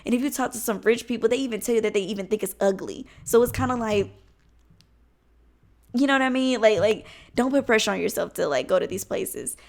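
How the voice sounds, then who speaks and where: A woman's voice: on the high side, expressive, fairly quick, vocal fry, a little mellow. Blunt, rambling young woman vlogging. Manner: candid, blunt, swears freely, rambling with restarts. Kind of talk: casual talking-head vlog.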